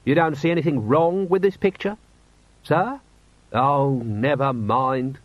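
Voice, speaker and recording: A man's voice: fairly high pitch, moderate pace, dry recording, pitched above the performer's own voice, close to an everyday voice. A man doing a weary, dry-witted watch commander. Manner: dry, glum. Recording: dull, slightly lo-fi.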